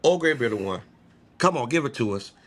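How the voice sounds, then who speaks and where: A man in casual podcast chat, talking in an animated, rambling way with a mid-range voice. He laughs often and keeps the talk loose and conversational. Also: mid-range voice, fairly quick. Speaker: podcast co-host.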